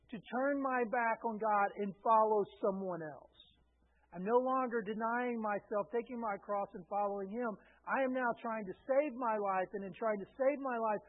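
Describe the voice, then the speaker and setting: A middle-aged man delivers a conversational sermon with a voice pitched high for a man. He is earnest and informal, and he keeps checking in with his listeners. The recording is thin and tinny, like a phone line. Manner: earnest, informal, talks to the room directly. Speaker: preacher.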